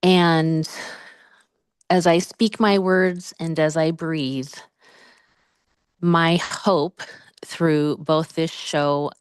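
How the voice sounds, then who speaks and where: A woman's voice: deep voice, fairly even intonation, extremely slow, long pauses, clear, resonant tone, no echo. A woman guest on an interview show, speaking in a heartfelt way with frequent ums. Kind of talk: casual interview talk.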